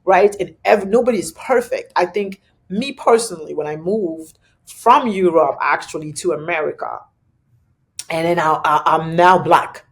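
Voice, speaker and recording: A woman with a French accent from Belgium, talking as a guest in a casual interview, animated and laughing often. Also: moderate pace. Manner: animated, laughs often, pitch jumps when excited.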